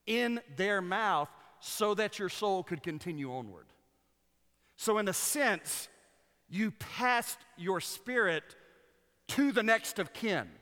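A man preaches in a church, earnest and rhythmic, circling back to phrases for weight. His voice sits a little high and rings bright. It trails off into a long echo through the sanctuary. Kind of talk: sermon. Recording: long hall reverb.

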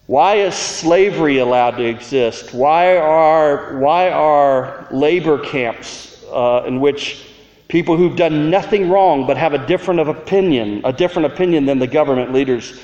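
Preacher, man, slightly high voice, earnest rhetorical questions, long church reverb. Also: measured pace, a little mellow. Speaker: pastor. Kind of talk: sermon. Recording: roomy hall reverb, dull sound.

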